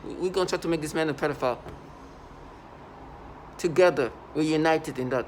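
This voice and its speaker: A man's voice: a little high, brisk, a little hiss or hum. A man talking to his camera in an agitated, indignant monologue, stopping and restarting often. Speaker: vlogger.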